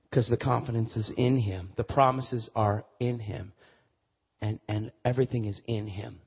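A man preaching a sermon with a personal testimony, stumbling and repeating words, then building to loud emphatic preaching. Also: medium pitch, husky, big-room sound. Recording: muffled lo-fi sermon recording.

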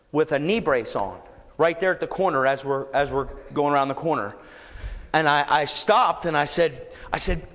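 A man preaching a sermon, telling a story and then exhorting the congregation with rising, shouted emphasis. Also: on the high side. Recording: echoey hall, long reverb.

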